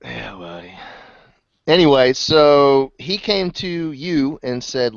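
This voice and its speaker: A man's voice: mid-range voice, expressive, slow pace, creaky, dry recording. Male co-host, playful ribbing with frequent laughs; dull, dry lo-fi sound. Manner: teasing, laughs often. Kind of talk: casual chat.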